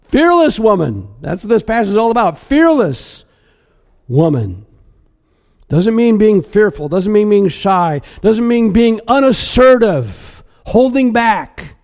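A man preaching a sermon, emphatic, with sudden loud outbursts and quiet asides. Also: high voice. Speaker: pastor.

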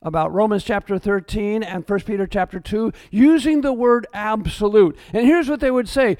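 A man preaching a sermon as pastor, emphatic, repeating key words and swinging between loud declarations and hushed asides. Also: high-pitched, lively intonation, moderate pace, few pauses, no room sound.

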